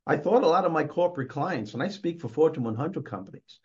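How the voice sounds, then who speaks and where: A man's voice: a little high, lively intonation, fast. An older man, a motivational speaker and guest, talking emphatically and upbeat in a conversational interview. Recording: dull lo-fi recording.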